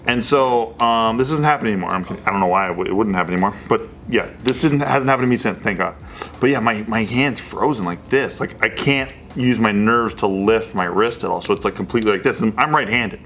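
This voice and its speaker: A man's voice: on the low side, fast, a little hiss or hum. A man in his thirties, a podcast co-host telling a long personal story in casual chat, swearing freely and acting out the voices of the people in it. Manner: profane, animated storyteller acting out quotes.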